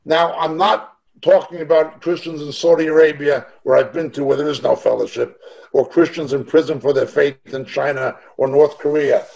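A man's voice: fairly high pitch, steady tone, moderate pace, creaky, a little mellow. A middle-aged man teaching the Bible over a video call, earnest and emphatic, asking rhetorical questions as he preaches.

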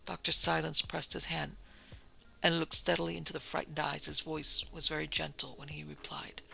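A man giving scripted audiobook narration of a ghost story in an even storytelling delivery. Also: a little high, moderate pace, gravelly, husky, poor audio.

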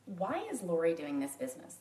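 A Louisiana woman in her forties, a makeup artist and direct sales consultant, chats openly and personally in a live video to a private group, often laughing at herself. Her voice is lowish, sing-song, mellow and a little fast. The mic is distant and the sound roomy.

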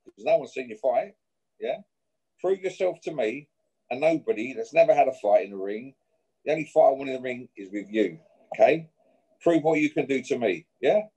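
Challenging his rival through trash talk in an interview, this boxer speaks in a husky, dark-toned mid-range voice, animated and at normal speed. He's confrontational, ending each point with "yeah?", and the recording is rough.

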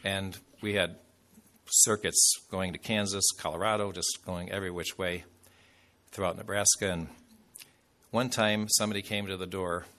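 A man's voice: low voice, fairly even intonation, moderate pace, sharp tone. A man preaching a sermon as a bishop, telling a story in a loose, conversational way with fillers and asides.

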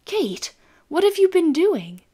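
A woman's voice: a little high, lively intonation, normal speed. A woman voicing a blunt farmer husband in a storybook reading, exclaiming and scolding. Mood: exasperated.

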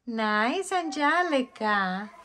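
A woman's voice: fairly high pitch, animated, extremely slow, pushed and bright. A woman vlogging at home, chatting casually and cooing in baby talk to her pet monkeys. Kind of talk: casual vlog chat.

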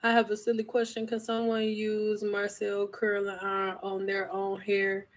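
A woman's voice: medium pitch, monotone, normal speed. A woman who used to do hair professionally, chatting casually on a live stream and answering viewers' hair questions in a sassy, direct way.

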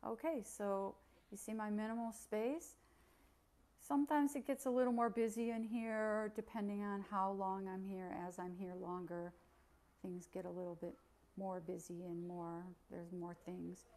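A middle-aged woman painter giving a relaxed, casual tour of her studio, explaining how she works. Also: medium pitch, a little slow.

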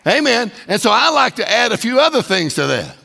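A man preaching a sermon as a guest speaker, emphatic and building to shouted declarations. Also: extremely high pitch, big pitch swings, a little fast, gravelly, in a large hall.

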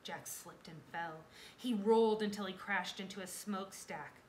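A woman's voice: medium pitch, moderate pace, a little mellow. A woman reads a children's chapter book aloud, lending the scenes drama and expression. Her voice sits in a roomy, echoing space with faint noise underneath. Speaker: reader.

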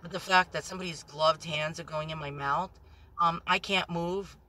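A woman vlogging on her phone from inside a parked car, rambling anxiously, swearing a lot and talking loudly when nervous. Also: low voice, fairly even intonation, normal speed, a little hiss or hum. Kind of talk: nervous selfie vlog.

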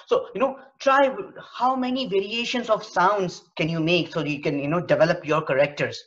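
A woman's voice: fairly low pitch, normal speed, few pauses. A woman teaching storytelling to early-years educators, explaining with many fillers. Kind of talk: storytelling lesson. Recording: dull lo-fi recording.

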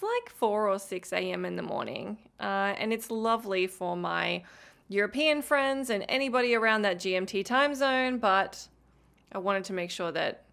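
A young woman chatting live with her viewers while gaming, bubbly and effusive, quick to laugh and to gush thanks. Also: a little high, creaky, a bit bright. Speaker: game streamer.

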